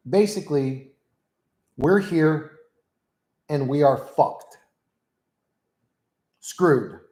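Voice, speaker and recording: Man, loud casual rant, swearing, dictating punctuation, slightly high voice, echoey room. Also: drawn-out words. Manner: profane and blunt, speaks punctuation aloud; talks loudly into the mic. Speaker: channel host. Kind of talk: casual ranting monologue, dictating to a voice assistant. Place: room at home. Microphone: mic right next to him.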